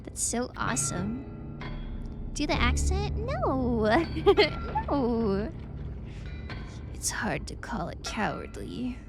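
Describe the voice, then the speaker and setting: A woman's voice: on the high side, takes it slowly, long pauses. A woman streaming a video game, chatting casually, reading on-screen text aloud and slipping into whispered asides. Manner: excitable, drops into whispered asides. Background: game music.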